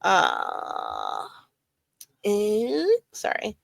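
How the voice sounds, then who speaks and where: A woman's voice: mid-range voice, huge pitch swings, extremely slow, vocal fry, a bit bright, dry recording. A woman podcast host reading a scripted episode recap with dry, sarcastic asides.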